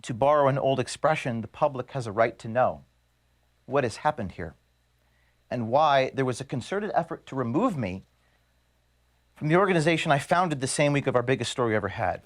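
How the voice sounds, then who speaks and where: Guy filming a serious measured statement for his staff from his office, earnest, mid pitch. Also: lively intonation. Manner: earnest, measured, grievance-laden. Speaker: organization founder addressing staff. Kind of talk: prepared video statement. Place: office at headquarters.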